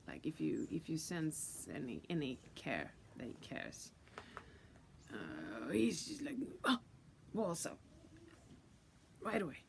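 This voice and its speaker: A woman's voice: low-pitched, a little mellow, slight background noise. A woman vlogger telling a personal spiritual story, intense and profane, often dropping into a whisper and repeating herself. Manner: many restarts and repeated words.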